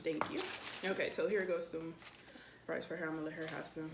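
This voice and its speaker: A woman hosting her own casual mukbang vlog, chatting to viewers in a relaxed way with plenty of ums. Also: low-pitched, a little fast. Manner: relaxed, chatty, many ums, talks straight to viewers as y'all. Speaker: channel host. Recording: echoey room with faint background noise.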